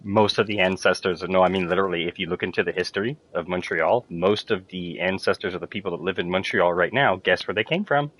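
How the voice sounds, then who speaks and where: A man's voice: low voice, fast talker, few pauses, fairly bright tone. A man chatting casually while playing a video game, rambling with lots of fillers and swearing freely. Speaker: gamer streaming to friends.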